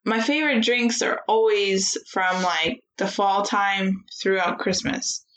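A woman co-hosts a laid-back podcast, chatting freely and leaning on "like" as she talks. Her voice sits at an ordinary middle pitch. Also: slow pace, a bit bright, poor audio. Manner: chatty, lots of "like" fillers. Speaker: podcast co-host. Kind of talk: casual chat.

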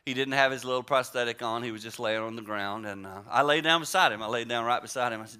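A man in his sixties preaching a story-driven sermon in a conversational way, moving between hushed and emphatic. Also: mid-range voice, fast talker, few pauses, clean tone. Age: 60s.

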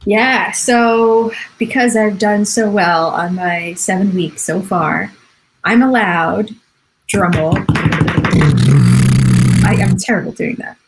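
A woman co-hosting a casual chat show, talking in a slow, expressive way and exclaiming easily. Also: medium pitch, noisy background. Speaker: co-host.

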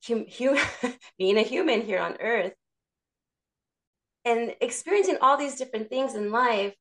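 Affirming woman host, higher voice. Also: expressive, measured pace, fairly bright tone. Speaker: podcast host, interviewer. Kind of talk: casual interview talk.

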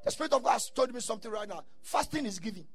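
A man preaching a sermon, telling stories and breaking into shouted bursts. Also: very high voice, expressive, rapid-fire, slightly rough, soft background music. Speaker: pastor.

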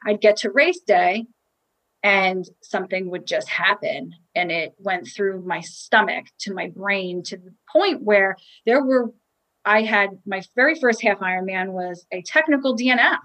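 A woman's voice: mid-range voice, animated, unhurried, fairly bright tone, low-quality recording. Candid woman telling a personal story. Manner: candid and emotional, with restarts and quoted inner thoughts. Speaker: triathlete.

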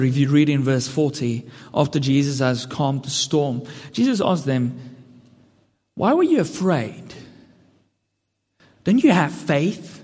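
A man preaching a sermon, earnest and building to emphatic questions. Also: high-pitched. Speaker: pastor. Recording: long hall reverb.

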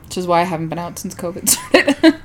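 A woman's voice: lowish voice, big pitch swings, fairly quick, slight background noise. A woman hosting a casual podcast, recapping episodes, laughing often and swearing.

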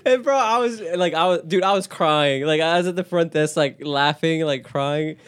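A man co-hosting a podcast in casual chat, an animated storyteller who laughs often and slips into quick impressions. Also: on the high side, clear, resonant tone. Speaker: podcast co-host.

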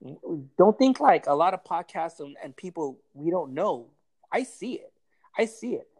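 A man's voice: a little high, very animated, normal speed, darkish tone, breathy edge. Blunt, profane man giving advice. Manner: blunt, profane, emphatic pep talk. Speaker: podcast guest giving advice. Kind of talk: casual podcast chat.

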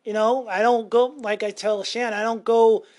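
A woman's voice: fairly high pitch, little pitch movement, normal speed, darkish tone. A woman from Montana co-hosting a casual podcast, rambling and joking crudely with plenty of swearing. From Montana, USA. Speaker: podcast co-host.

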